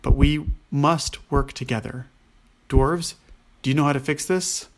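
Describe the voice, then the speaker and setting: A man's voice: mid-range voice, steady tone, measured pace, lightly acted. A man voicing a commanding young princess who speaks graciously and takes charge.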